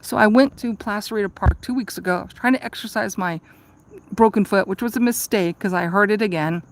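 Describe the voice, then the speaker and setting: A woman's voice: mid-range voice, fairly quick. Rambling, profane woman vlogger. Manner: profane, ranting, laughs at herself. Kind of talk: casual rambling storytelling.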